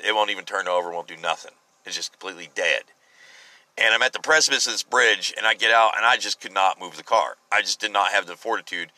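Sharp-voiced man telling a rambling story. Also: lowish voice, dry recording, rough recording. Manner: rambling, repeats and restarts, emphatic. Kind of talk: casual spoken storytelling.

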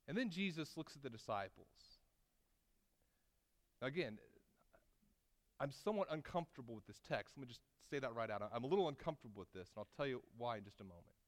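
A man's voice: medium pitch, expressive, fast talker, pauses often. Man preaching in a reverberant hall. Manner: preaching with wide swings between loud emphasis and quiet asides. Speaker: pastor. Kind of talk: sermon.

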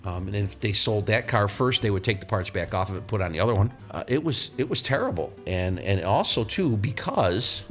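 A man with a fairly low voice tells shop stories in a loose, casual podcast style. He is blunt and swears freely, and he wanders through his anecdotes with restarts. Faint music runs underneath. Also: expressive, a little fast, hardly any pauses, fairly bright tone. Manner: blunt and profane, rambling anecdotes. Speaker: podcast host, auto mechanic.

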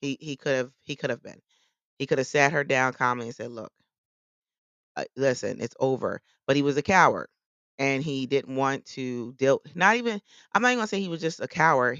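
A man's voice: medium pitch, a bit bright, no echo. A man giving casual, opinionated solo commentary as a podcast host, often stopping to correct himself. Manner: chatty, opinionated, restarts often. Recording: dull lo-fi voice message.

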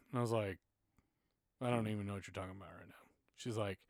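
A man's voice: lowish voice, fast, long pauses, dry recording, studio quality. A man in his thirties, a church music minister, telling personal stories in a casual podcast chat, earnest and at times emotional.

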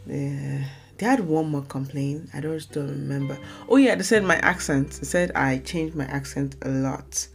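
A young woman from Nigeria hosting her own casual podcast, talking fast and rambling, often correcting herself mid-sentence. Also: low voice, gravelly, soft background music. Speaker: podcast host. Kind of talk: casual solo podcast talk.

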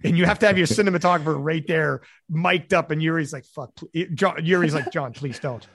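A man hosting a podcast in casual chat, telling stories in a profane, animated way. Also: a little high, quick pace, no room sound, clean studio sound. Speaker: podcast host.

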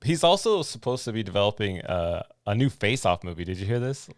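A man co-hosting a podcast, chatting casually about new movies in a relaxed, conversational way. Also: fairly low pitch, brisk, dry recording, studio quality. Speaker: podcast co-host.

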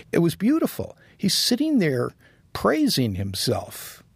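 A man's voice: on the high side, wildly swooping pitch, measured pace, vocal fry, slightly rough, dry recording. A man being interviewed as a designer, talking casually and reflectively and chuckling as he tells anecdotes. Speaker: guest designer.

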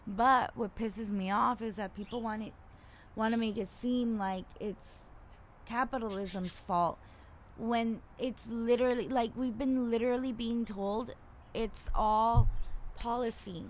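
A woman ranting casually and bluntly, swearing freely and rambling with many fillers, getting loud and indignant as she retells a conflict. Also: a little high, steady tone, measured pace, slight background noise. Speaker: podcaster.

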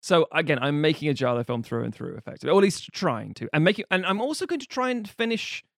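A man's voice: fairly high pitch, sing-song, creaky, a bit bright, no echo, clean studio sound. A man co-hosting a podcast, chatting casually and joking with a lot of swearing. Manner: fast, joking, sweary storyteller. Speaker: podcast co-host pitching a film. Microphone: podcast mic.

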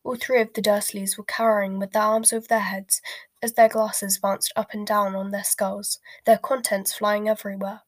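A woman narrating a storybook in a soft, hushed whispered role-play reading. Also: mid-range voice, flat delivery, normal speed, dry recording.

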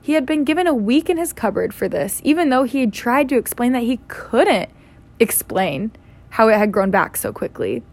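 A woman's voice: mid-range voice, gravelly. A woman reading a children's novel aloud in a casual way, with slips and self-corrections. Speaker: reader.

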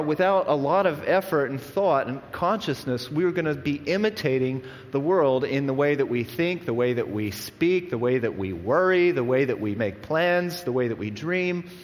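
A man delivers a sermon in an earnest, conversational manner, often restarting his sentences. His voice sits a little higher than most men's. The sound carries the long echo of a large church hall. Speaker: pastor.

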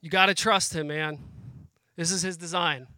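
A guest speaker at a family worship program delivers a sermon in a bright, fairly high male voice with a steady tone and no echo. His preaching is earnest and conversational, calling the crowd "guys." He gets emotional, pausing and restarting as he goes.

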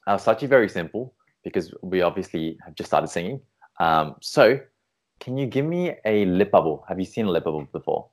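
Chatty encouraging voice coach guy, lowish voice, on a video call. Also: expressive, fairly quick. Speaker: vocal coach. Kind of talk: online singing lesson.

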